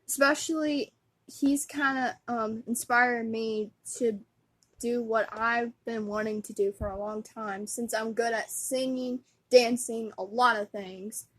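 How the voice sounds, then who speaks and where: A woman's voice: a little high, fairly even intonation, measured pace, a bit bright. A woman vlogger chatting casually as a fan, giggly and rambling, with lots of fillers.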